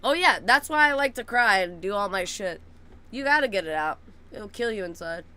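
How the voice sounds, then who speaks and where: A young woman chatting casually with viewers, blunt and swearing, laughing often, cooing softly at her dogs. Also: mid-range voice, expressive, normal speed, a little hiss or hum. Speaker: streamer.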